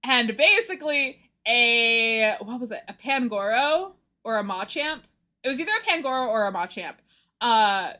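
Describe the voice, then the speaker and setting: Female streamer, high bright voice, unhurried, rambling and giggly. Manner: rambling, animated storytelling with frequent giggles. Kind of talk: casual livestream chat.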